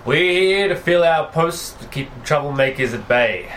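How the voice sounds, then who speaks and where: A man's voice: on the high side, expressive, moderate pace, fairly bright tone, a little hiss or hum. A man voicing an abrupt female ranger who speaks in short, clipped lines. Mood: curt. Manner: curt, clipped. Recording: echoey room.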